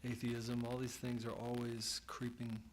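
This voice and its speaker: A man teaches a scripture study group in an unhurried, gentle voice. He is recorded from a distance in a roomy, echoing hall with steady background noise. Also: mid-range voice. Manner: slow, soft-spoken, chuckles while retelling stories. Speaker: class leader. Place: temple hall. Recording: echoey room, mic far off, noisy.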